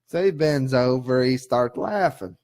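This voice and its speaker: A man's voice: medium pitch, animated, measured pace, a little mellow. A man co-hosting a casual show, telling a rambling joke in a laid-back way. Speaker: podcast co-host.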